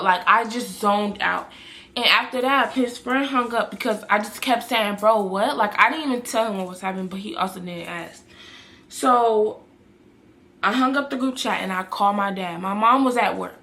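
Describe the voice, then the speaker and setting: A woman's voice: fairly high pitch, sharp tone. A young woman vlogger telling a personal story in a casual, rambling way, repeating herself and speaking to viewers as y'all.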